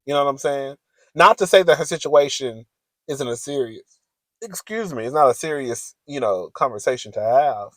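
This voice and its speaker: A man's voice: mid-range voice, lively intonation, normal speed, no room sound. A man vlogging in a sassy, giggly gossip chat, calling the audience "girl" often. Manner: chatty, sassy, giggly, says "girl" a lot.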